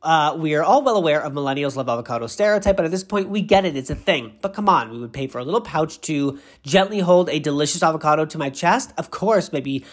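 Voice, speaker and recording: Fast-paced, from Boston, no accent, rambling comic monologue, self-interrupting, stumbles over words, recorded in a bathroom. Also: mid-range voice, animated. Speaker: commercial recapper.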